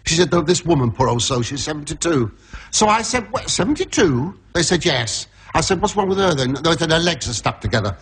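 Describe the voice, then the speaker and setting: A man telling a long joke story, hoarse from laryngitis, rambling and chuckling at his own lines. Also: fairly high pitch, sing-song, a little fast, a bit bright. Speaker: comedian.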